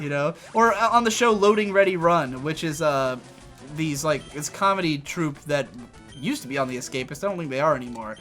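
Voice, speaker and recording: Man, high voice, bright tone, rambling rant, casual gaming chat, faint game music behind. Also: a little fast. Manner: rambling, animated ranting. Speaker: co-host of a gaming channel. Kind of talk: casual chat over gameplay.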